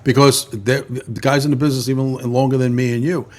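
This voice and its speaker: A man's voice: medium pitch, flat delivery, quick pace, a little mellow. A middle-aged man, a concert promoter and band manager, talking frankly in a casual chat.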